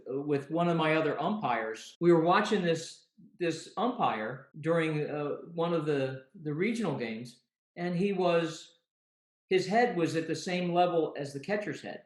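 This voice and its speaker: A man guest, an umpire, talking earnestly in a casual interview and often repeating words as he thinks. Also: a little high. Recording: roomy echo.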